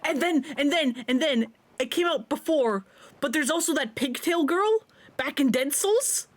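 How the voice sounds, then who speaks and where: A woman's voice: high-pitched, lively intonation, a little slow. A woman streamer giving casual, rambling gameplay commentary, laughing often.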